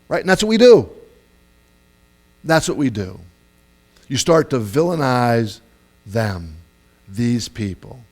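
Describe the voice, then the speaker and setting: A man preaching a sermon in a lively, conversational way, acting out quoted voices with sudden loud bursts. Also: mid-range voice, takes it slowly, long pauses. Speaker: pastor.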